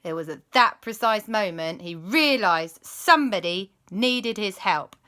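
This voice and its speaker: A woman hosting a children's storytime, animated and dropping into spooky whispers for the eerie parts. She takes her time, unhurried, with a bright, clear tone and a lively, rising and falling delivery. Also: mid-range voice. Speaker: storyteller and show host.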